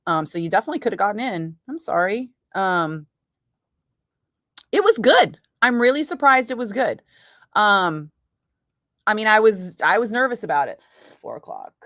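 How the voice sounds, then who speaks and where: A middle-aged woman radio DJ chatting casually with listeners between segments, frank and quick to laugh, swearing now and then. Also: mid-range voice, very animated, pushed and bright, no room sound, studio quality.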